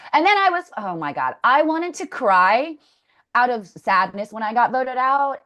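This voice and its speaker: A woman's voice: medium pitch, a bit bright. A woman talking candidly as an interview guest, blunt, swearing freely and telling stories with energy. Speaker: former contestant, interview guest.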